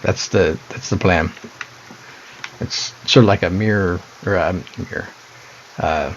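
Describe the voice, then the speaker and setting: A man's voice: sits low, a little slow, lo-fi sound, a little hiss or hum. A man streaming a game, thinking aloud with hesitant asides as he plays. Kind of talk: casual let's-play commentary.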